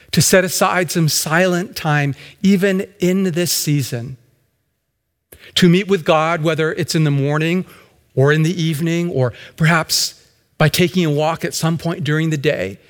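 A male pastor giving a slow, reflective sermon that builds in intensity toward the close. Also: on the high side, big-room sound.

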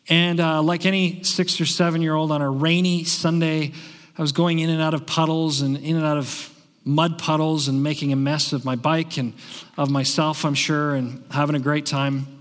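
A man preaching a sermon, telling a personal story slowly and earnestly, with many pauses. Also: a little high, fairly even intonation, in a large hall. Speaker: pastor.

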